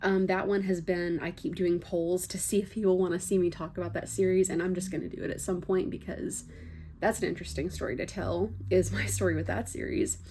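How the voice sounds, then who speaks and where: A young woman from Texas, speaking General American with a faint Southern trace, chatting unscripted to camera about her life and books. She rambles with frequent fillers and soft laughs. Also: on the low side, little pitch movement, fairly quick, a little hiss or hum. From Texas, USA. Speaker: book vlogger. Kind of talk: unscripted casual chat to camera.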